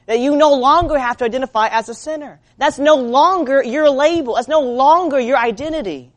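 Earnest woman preaching a sermon. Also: fairly quick. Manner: earnest, shifts between loud urging and quiet low lines.

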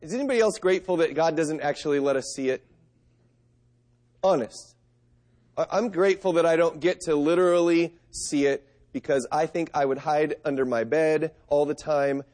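A man's voice: fairly high pitch, darkish tone. A middle-aged man preaching a sermon, reading scripture and telling stories in an earnest, conversational way. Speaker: pastor.

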